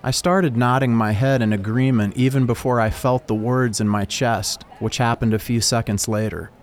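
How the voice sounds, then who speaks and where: A man narrating a first-person story in a calm, reflective way. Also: mid-range voice, moderate pace.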